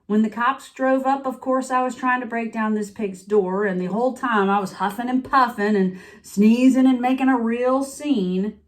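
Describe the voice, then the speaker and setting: A woman's voice: fairly high pitch, moderate pace, natural voice. A woman reading a picture book aloud as a sniffly, self-pitying male wolf who tells his side of the story in a confiding voice.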